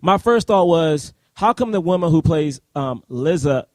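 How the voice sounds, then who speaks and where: A man co-hosting a live podcast discussion of a film, talking in an animated, rambling way with many fillers and laughs. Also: on the high side, moderate pace, no room sound. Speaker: podcast co-host. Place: live event at a university.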